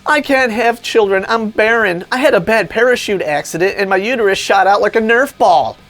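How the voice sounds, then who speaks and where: A man voicing a scheming girlfriend in an exaggerated, mocking falsetto. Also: brisk, a bit bright, soft background music.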